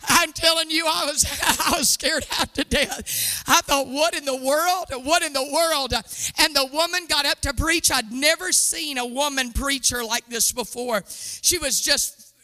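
A woman preacher telling her testimony in an animated, exclaiming sermon style before a live church audience. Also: high voice, measured pace. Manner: animated storytelling, exclaiming and laughing.

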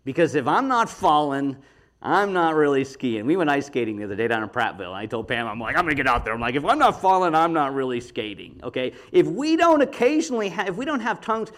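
A middle-aged man teaching a Bible study in a chatty, animated way, laughing often and checking in with his listeners. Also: a little high. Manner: animated, chatty, laughs often, talks to the audience with frequent "okay?".

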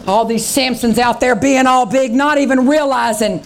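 A woman's voice: high voice, fairly even intonation, moderate pace, slight background noise. A woman pastor preaching a revival sermon, fervent and dramatic, acting out the voices of scripture.

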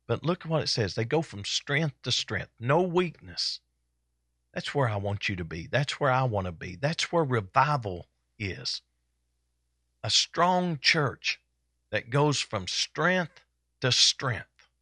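A man's voice: mid-range voice, sing-song, slow pace, bright, forceful tone, no room sound, clean studio sound. A man preaching a sermon at a church service. He is fervent and folksy and hammers his points home by repeating them. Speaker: pastor.

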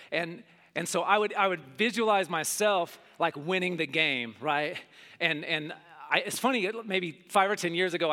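A middle-aged man preaching a sermon, telling stories and acting out scenes with big jumps in his voice. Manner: animated, acts out scenes with big pitch jumps. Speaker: pastor. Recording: long hall reverb.

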